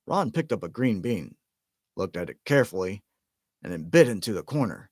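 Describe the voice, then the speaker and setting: A man reading a storybook aloud in a lively way, with stumbles and self-corrections. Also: on the low side, brisk, no room sound, clean studio sound. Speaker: amateur audiobook reader. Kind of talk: storybook narration.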